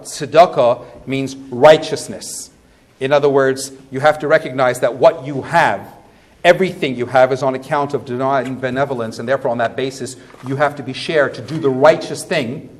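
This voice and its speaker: A male rabbi giving a sermon, emphatic, posing rhetorical questions, swinging between quiet and loud passages. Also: mid-range voice.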